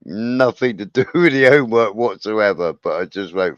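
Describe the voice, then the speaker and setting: A man's voice: lowish voice, moderate pace, no echo. Middle-aged man, casual livestream storytelling, acts out quotes, dry close sound. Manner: animated anecdote-telling, acts out quoted dialogue. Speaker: streamer. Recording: dull lo-fi sound.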